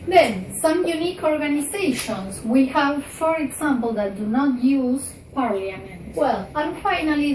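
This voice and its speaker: A woman teaching a grammar lesson at an unhurried pace, often pausing on fillers and checking in with "okay?". Her voice sits a little high, and she sounds set back from the mic. The room is echoey, with faint noise underneath. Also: a little mellow, recorded from a distance.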